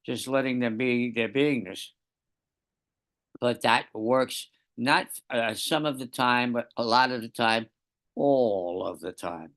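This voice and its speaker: A man in an online study group, earnestly sharing a practice in a calm, repetitive way. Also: medium pitch, takes it slowly. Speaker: group participant.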